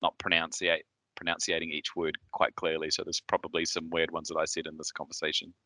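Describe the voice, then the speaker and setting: Very deep-voiced man with a New Zealand accent. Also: completely flat delivery, fairly quick, bright, forceful tone, no room sound. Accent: Southern New Zealand. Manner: hesitant, many fillers and restarts. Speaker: podcast host. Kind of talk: casual chat.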